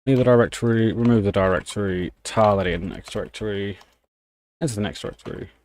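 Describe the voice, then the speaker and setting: A man's voice: on the low side, quick pace, a little mellow, slight background noise. A young man chatting casually on a live stream, ranting in annoyance while typing commands at his desk. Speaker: livestreamer.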